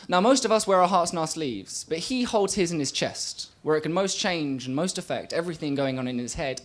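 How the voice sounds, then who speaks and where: Young male spoken word poet on a small stage; rhythmic, shifts from loud bursts to near murmurs, slightly high-pitched. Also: expressive, brisk, hardly any pauses. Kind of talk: live spoken word performance. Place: small live venue stage.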